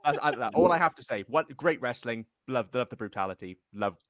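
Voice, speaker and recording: A man's voice: medium pitch, lively intonation, fairly quick, fairly bright tone, no echo, clean studio sound. A man on a casual podcast, enthusiastic, often stammering as he starts a sentence. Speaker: podcast co-host. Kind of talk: casual chat.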